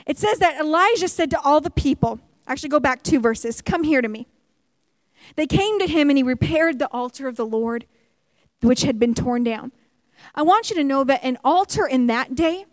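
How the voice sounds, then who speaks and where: A woman's voice: sits high, lively intonation, normal speed, dry recording. A woman pastor preaching a sermon, telling a story with humor and acting out quotes.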